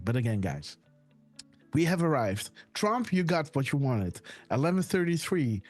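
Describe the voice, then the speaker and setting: A man hosting a casual live stream, talking excitedly and tossing "right?" and "guys" into nearly every sentence. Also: on the high side, normal speed, soft background music. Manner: excited whoops and laughs. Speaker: host. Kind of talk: casual livestream commentary.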